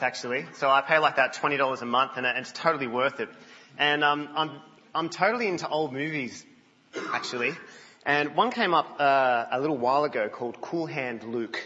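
A man preaching a sermon in a church, telling stories in an animated way and dropping to a hush. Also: mid-range voice. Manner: animated storytelling, drops to a hush. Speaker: guest preacher. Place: church, indoors. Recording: reverberant, muffled church hall.

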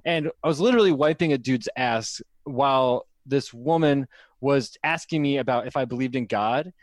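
A man's voice: medium pitch, moderate pace, dry recording. A young man from Iowa co-hosting a comedy podcast in casual banter, laughing often. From Iowa, USA. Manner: laughs often, acts out quoted people.

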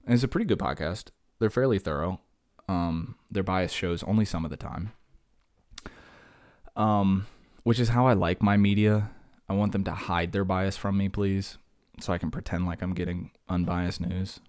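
A young man hosting a solo podcast, ranting fast and sarcastically, jumping from one tangent to the next. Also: deep voice, darkish tone, no echo, clean studio sound. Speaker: podcast host.

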